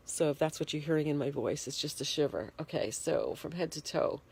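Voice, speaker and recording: This woman's voice is low-pitched, creaky, husky, and somewhat dark. She's a vlogger filming a casual video diary from bed on a handheld phone, congested and shivering, explaining things in plain, unhurried detail.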